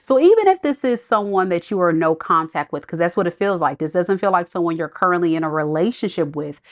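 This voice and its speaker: A woman's voice: lowish voice, lively intonation, brisk. A woman giving a casual tarot reading, chatty, blunt and sassy with her viewers. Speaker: tarot reader.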